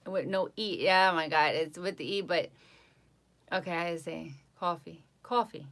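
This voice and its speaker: A woman from New York talks casually to her live-stream viewers, repeating phrases and stumbling over names. Her voice sits a little low but has a bright, forceful edge. The New York accent comes through plainly. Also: fairly even intonation, normal speed. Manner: chatty, repeats herself, reads viewer names aloud. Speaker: psychic livestream host.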